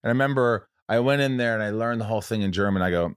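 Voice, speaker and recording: Brief: low-voiced man, host, playful riffing, dry close sound. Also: clear, resonant tone, dry recording. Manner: animated, joking, quick to riff. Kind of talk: casual podcast chat.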